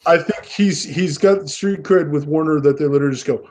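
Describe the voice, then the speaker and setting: A man's voice: on the high side, a little fast, a little mellow, slight background noise. A Canadian man co-hosting a casual podcast chat, rambling and acting out quoted dialogue. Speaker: podcast co-host.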